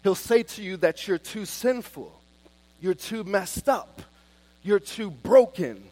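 A man preaching a sermon with fervent emphasis, swinging between loud declarations and soft, hushed pleas. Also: sits high, lively intonation, takes it slowly, dry recording.

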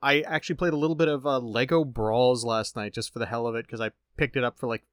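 A man's voice: mid-range voice, steady tone, fast, no echo. Laid-back male podcast guest, dry sound. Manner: laid-back, hesitant, many ums and likes. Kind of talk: casual chat.

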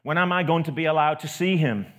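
A man's voice: fairly high pitch, fast talker, a bit bright, natural voice. A man voicing the bitter, possessive ghost of a mother who speaks in a snappish, demanding way. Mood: curt.

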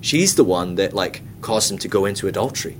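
A man's voice: low voice, expressive, brisk, slight background noise. Chatty man teaching a Bible class. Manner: chatty and irreverent, with comic asides and acted-out quotes.

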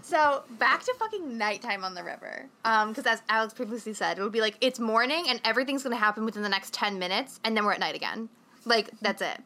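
A woman's voice: a little high, animated, fast talker, bright, forceful tone. A young woman co-hosting a podcast in casual chat, blunt, joking and profane. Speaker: podcast co-host.

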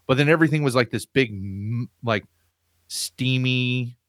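A man in casual chat, telling an animated, rambling story from his home on a video call. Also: medium pitch, measured pace, no room sound, studio quality. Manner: animated, rambling, laughs while telling stories. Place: home room with pinball machines.

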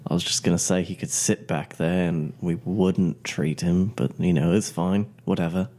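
A man's voice: low voice, steady tone, moderate pace, dark tone. A man playing a tabletop role-playing game, speaking in a hesitant, offhand way. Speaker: player. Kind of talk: tabletop play.

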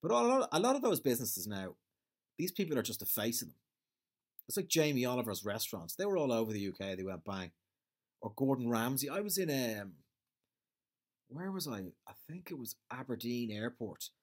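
A man's voice: mid-range voice, sing-song, a little fast. A man with an Irish accent in a casual, rambling monologue, swearing freely and trailing off as he hunts for words. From Ireland.

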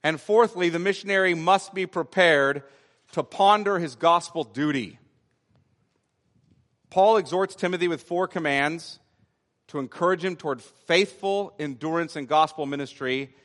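A male pastor preaching an expository sermon, stressing key phrases by repeating them and slowing down on important words. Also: on the high side, a bit bright, big-room sound. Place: church sanctuary.

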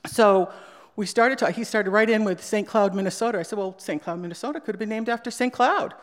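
A woman's voice: medium pitch, a little fast. Middle-aged woman telling a story on stage. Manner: animated, acts out quoted voices. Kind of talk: live storytelling to an audience. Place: small hall with a live audience. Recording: long hall reverb.

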